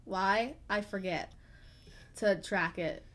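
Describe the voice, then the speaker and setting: A woman's voice: medium pitch, slow pace. A woman co-hosting a casual chat show about tabletop games, bubbly and easily sidetracked. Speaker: podcast co-host.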